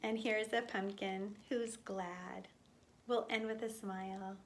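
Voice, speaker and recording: A woman leading a storytime for young children, speaking gently and with exaggerated expression. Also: mid-range voice, level tone, takes it slowly, a little hiss or hum.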